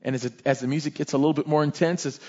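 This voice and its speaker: A male pastor preaching a sermon in a lively, conversational way, often tossing in "right?" asides. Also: fairly high pitch, very fast, lo-fi sound.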